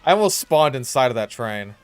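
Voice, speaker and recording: A young man giving casual, chatty commentary over his own gameplay, now and then bursting out in loud reactions. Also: mid-range voice, very animated, fairly quick, smooth, faint music behind. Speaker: gaming YouTuber.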